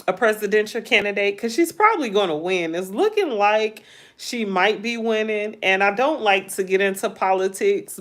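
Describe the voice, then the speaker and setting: A middle-aged woman hosting a casual livestream, chatting with viewers, asking them lots of questions in a playful, drawn-out way. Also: mid-range voice, a bit bright. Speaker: livestream host. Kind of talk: casual livestream chat reading viewer comments.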